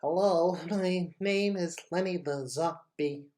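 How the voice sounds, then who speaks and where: Lenny the Zombie, a slow drawn-out zombie as a teacher puts it on. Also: medium pitch, a little mellow, natural voice. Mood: drawn-out, playful. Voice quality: drawn-out, slow zombie-esque voice, tried several ways. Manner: teacher trying out and judging different voices. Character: Lenny the Zombie, a playful Halloween zombie.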